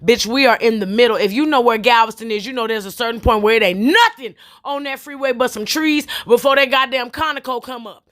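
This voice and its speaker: A woman comedian telling a comedic storytime in a brash, profane, emphatic way, rising to shouts at the peaks. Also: a little high, fairly quick, hardly any pauses.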